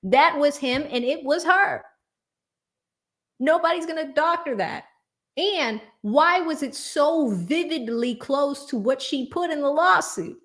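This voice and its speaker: A woman's voice: high-pitched, animated, slow, a bit bright. A woman hosting a livestream, chatting casually, thanking donors and laughing often. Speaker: livestream host.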